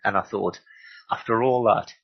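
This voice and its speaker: Husky English man telling stories. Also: on the low side, moderate pace, dry recording, muffled recording. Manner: lively anecdotal storyteller, many "you know"s. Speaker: medium. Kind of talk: storytelling at a live talk.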